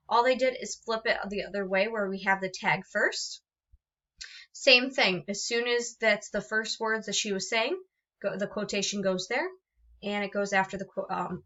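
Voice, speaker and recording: A woman's voice: mid-range voice, pushed and bright. A woman teacher explaining punctuation rules in a recorded lesson, patient and explanatory, often restarting her sentences. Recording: dull lo-fi sound.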